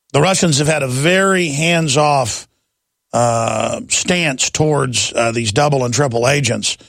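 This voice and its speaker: A man's voice: medium pitch, vocal fry, a bit bright, dry recording, studio quality. A man hosting a talk radio show, delivering an emphatic, indignant monologue and calling his listeners "folks".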